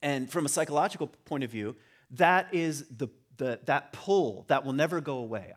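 A middle-aged man giving an informal talk on religion to a group, conversational and rising into animated emphasis. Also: a little high, moderate pace. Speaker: speaker on religion and home.

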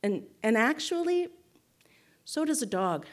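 A woman giving a reflective spoken teaching to a group, measured and thoughtful, often checking in with "right?" and restarting phrases. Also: fairly high pitch, big pitch swings. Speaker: guest speaker.

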